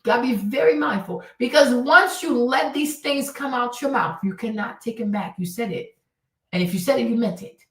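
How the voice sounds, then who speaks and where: A woman host talks in a casual monologue, blunt and emphatic, and drives her points home by repeating them. Her voice sits fairly high and she swears freely. The sound is roomy, and she is heard from some distance off the mic. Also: moderate pace, a bit bright.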